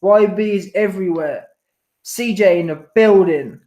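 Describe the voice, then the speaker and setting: In an echoey room, a man with a high voice and dark tone speaks a little slowly. He hosts a boxing commentary channel's casual live stream, reading viewer messages aloud in laid-back, slangy, repetitive banter.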